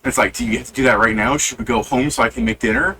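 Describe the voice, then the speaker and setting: Bright-voiced man ranting angrily. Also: mid-range voice, fairly even intonation, very fast, breathy edge. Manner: irritated venting rant, heavy swearing; retells arguments by acting out both sides. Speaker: player in a tabletop game group. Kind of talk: casual pregame chat over voice call.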